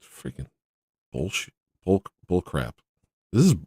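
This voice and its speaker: A man's voice: lowish voice, animated, takes it slowly, pauses often, darkish tone, dry recording, clean studio sound. A man hosting a livestream, chatting casually with viewers in an exasperated, incredulous, mock-outraged way. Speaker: livestream host.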